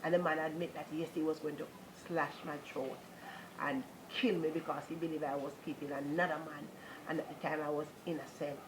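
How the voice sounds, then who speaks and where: A woman's voice: sits low, level tone, brisk, noisy background. A woman with a Jamaican accent giving a personal religious testimony, telling her story earnestly and moving into repetitive, preaching praise.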